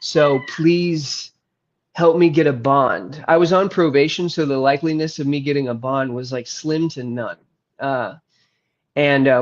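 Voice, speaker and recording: Earnest halting man telling his story. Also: mid-range voice. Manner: earnest, halting, with frequent trailing pauses. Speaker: guest recounting his addiction and recovery. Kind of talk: candid personal storytelling. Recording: slightly muffled lo-fi audio.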